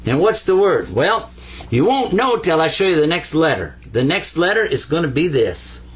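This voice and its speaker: A man teaching Arabic letters at a board, patient and playful, repeating each sound slowly for learners. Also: a little high, very animated, slight background noise. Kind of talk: whiteboard language lesson.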